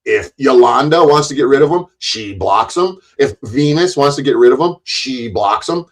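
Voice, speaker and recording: A man's voice: mid-range voice, lively intonation, moderate pace, low-quality recording. A man hosting a live stream, ranting angrily with lots of cursing and rambling restarts.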